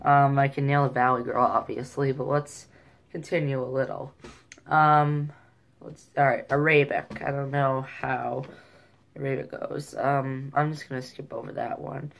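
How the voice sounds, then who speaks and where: A woman talking casually in a vlog, hesitant and filling pauses with ums, a little self-deprecating. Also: very deep voice, flat delivery, vocal fry. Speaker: vlogger.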